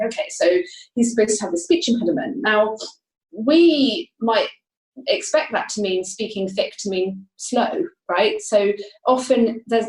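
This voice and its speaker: A woman's voice: mid-range voice, a little mellow. A woman guest, an academic, explaining her research in a thoughtful interview, often restarting her phrases. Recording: roomy, echoey sound.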